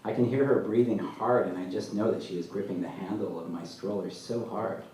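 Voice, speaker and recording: A man as an author at a live literary reading, telling his story in a dry, deadpan way, recorded from far off in a large hall. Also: fairly low pitch, a little fast. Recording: echoey hall, mic far off, faint noise.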